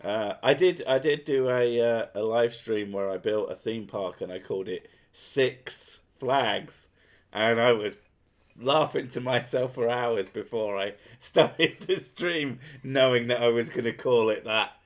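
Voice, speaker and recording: A man's voice: medium pitch, measured pace. Crude, laughing British man streamer. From North Wales. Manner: crude, joking, laughs often. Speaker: streamer host. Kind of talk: casual live-stream chat.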